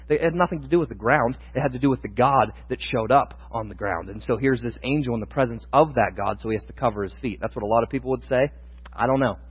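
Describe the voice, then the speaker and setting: A man's voice: mid-range voice, slightly rough. A male pastor preaching a sermon, candid and thinking aloud at times, then building to emphatic proclamation. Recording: dull sound with long hall reverb.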